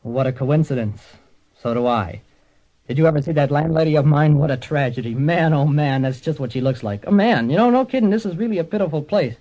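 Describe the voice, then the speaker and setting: A man's voice: on the high side, lively intonation, a little fast, dark tone, faint music behind, close to an everyday voice. A man narrating and playing a bumbling, wisecracking private detective in a radio comedy. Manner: breezy, punning, self-satisfied. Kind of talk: comic radio narration and acting. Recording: dull lo-fi old radio recording.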